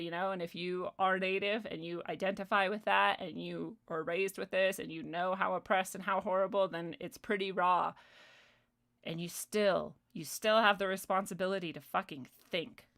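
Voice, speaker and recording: A woman's voice: medium pitch, fairly bright tone. A young adult woman hosting a livestream, ranting in a heated, profane way with sarcastic asides. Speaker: livestream host. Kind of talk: casual commentary monologue.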